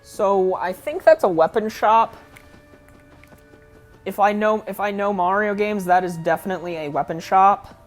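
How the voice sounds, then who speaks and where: A woman's voice: medium pitch, normal speed, faint music behind. A woman giving casual, rambling let's play commentary, frank and often correcting herself.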